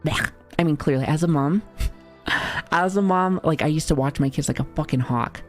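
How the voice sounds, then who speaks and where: A woman's voice: low voice, moderate pace, faint music behind. Profane, joking woman streamer in her thirties. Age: 30s. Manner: profane, joking, chatty with frequent laughs. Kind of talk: casual live-stream chat.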